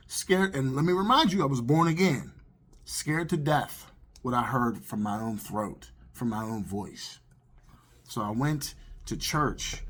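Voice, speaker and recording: A man's voice: medium pitch, breathy edge. A man earnestly sharing his personal faith testimony in a conversational, storytelling way. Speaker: testimony speaker.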